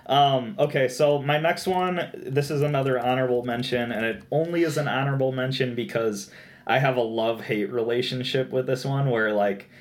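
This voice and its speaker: A man's voice: medium pitch, normal speed. Young male co-host, casual chat, chatty, laughs a lot, fillers. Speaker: podcast co-host. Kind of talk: casual chat about movie tropes.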